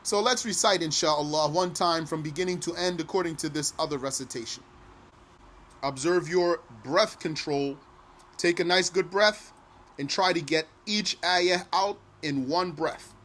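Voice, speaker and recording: A man with a fairly high voice leads a recitation lesson. He talks at an unhurried, measured pace and breaks into chanted verses, holding each vowel long. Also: a bit bright, slight background noise. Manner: explains slowly, then chants verses with long held vowels. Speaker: Quran recitation teacher.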